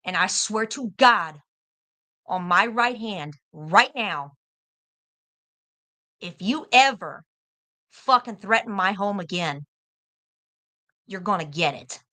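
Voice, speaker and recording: A woman's voice: medium pitch, expressive, takes it slowly, pauses often, sharp tone. A young American woman arguing heatedly on a livestream, confrontational and profane, hammering her points by repeating them. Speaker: livestream guest.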